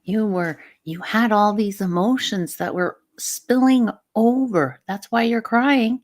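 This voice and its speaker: A middle-aged woman who coaches and teaches stress management speaks slowly in a medium-pitched voice. She talks through a live show reflectively, often posing questions to the listener.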